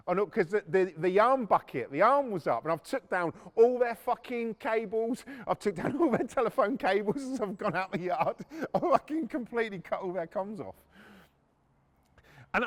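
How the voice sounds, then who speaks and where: A middle-aged man, hosting a podcast and telling a story in a casual, profane, animated way, acting out shouting people and machine noises. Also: sits high. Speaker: podcast host.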